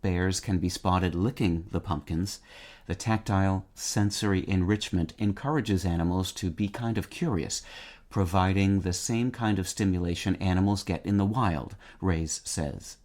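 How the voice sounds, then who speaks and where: A man with a very low voice reads a short dictionary script. His delivery is measured and precise, and he spells out each word letter by letter. He sounds middle-aged and steady. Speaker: word-of-the-day host. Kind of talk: scripted dictionary podcast reading.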